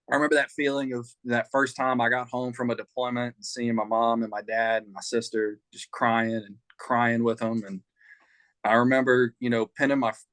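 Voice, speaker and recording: Southern guy telling army stories, gets loud and laughy, dry mic. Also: medium pitch, dry recording. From Louisiana. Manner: animated, laughing storyteller. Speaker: guest, Army veteran. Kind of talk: casual storytelling.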